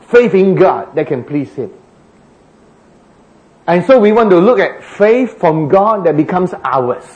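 Slow, lively-pitched male preacher. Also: muffled recording. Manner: deliberate, rhetorical questions, emphatic repetition. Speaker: pastor. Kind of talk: sermon. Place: church.

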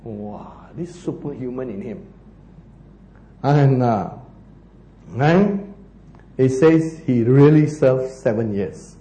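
A man preaching a sermon as pastor, telling a Bible story in an animated way with laughs and playful asides. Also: mid-range voice, takes it slowly, pauses often, reverberant.

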